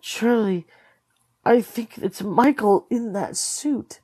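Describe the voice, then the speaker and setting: A woman's voice: medium pitch, unhurried, no echo, natural voice. Woman reading as a haunted teenage boy. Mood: hushed. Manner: urgent, dropping to a hushed whisper.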